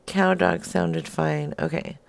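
A woman's voice: sits low, steady tone, takes it slowly, gravelly, slight background noise. A woman co-hosting a comedy show, chatting in a giggly, teasing way and swearing freely. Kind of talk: casual banter on a live show.

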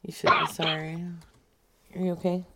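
A woman's voice: lowish voice, level tone, moderate pace, a crowd in the background. A woman co-hosting in casual chat, giggly and swearing freely. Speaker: co-host.

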